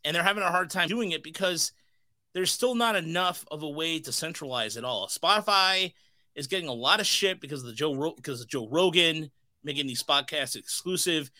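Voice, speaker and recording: A man's voice: fairly high pitch, a little fast. A man hosting his podcast in casual chat, ranting with lots of swearing. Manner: profane, animated ranting. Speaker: podcast host.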